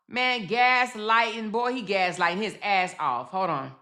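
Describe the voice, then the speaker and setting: A woman's voice: medium pitch, fairly even intonation, unhurried, pushed and bright. A woman hosting a reaction commentary, fired up and emphatic, swearing and acting out what others said. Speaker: commentary host.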